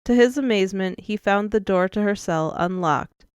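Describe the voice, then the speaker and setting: A woman narrating an audiobook in a measured, expressive storytelling manner, close to the mic. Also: mid-range voice, clear, resonant tone, no room sound. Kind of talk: scripted narration.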